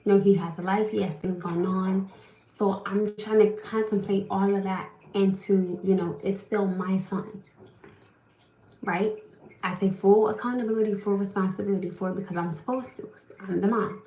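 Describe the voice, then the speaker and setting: A young woman talks straight to her livestream viewers, venting about her day in a loose, animated way. Her voice sits at a middle pitch, and the room around her rings with a noticeable echo. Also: normal speed, slight background noise. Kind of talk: casual live-stream storytelling.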